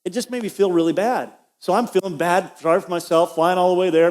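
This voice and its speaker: A fast-talking middle-aged pastor with a high-pitched, slightly mellow voice barely pauses while preaching in a church auditorium. He tells a personal story conversationally, with asides to the congregation.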